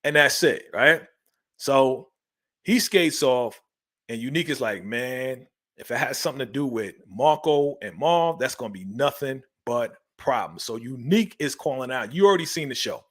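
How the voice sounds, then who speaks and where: A man's voice: medium pitch, lively intonation, normal speed, a bit bright. Male recap host, casual and slangy, voices the characters' quotes in his retelling.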